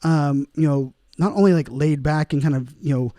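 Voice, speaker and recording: A man's voice: on the high side, moderate pace, dark tone, no echo. A man hosting a solo podcast, talking casually and rambling with lots of fillers, chuckling at his own puns. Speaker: podcast host.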